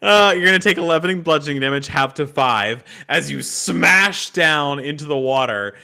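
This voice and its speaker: A man's voice: fairly high pitch, moderate pace, gravelly, bright, forceful tone. A man narrating as game master of a tabletop game, laughing often and stopping for fillers and restarts as he describes the scene.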